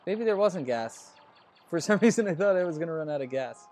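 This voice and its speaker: A man's voice: on the high side, lively intonation, fairly quick, a little mellow, faint music behind. Chatty man rambling over a retro game. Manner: chatty and rambling, curses under his breath at the game. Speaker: let's play host. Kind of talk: casual gameplay commentary.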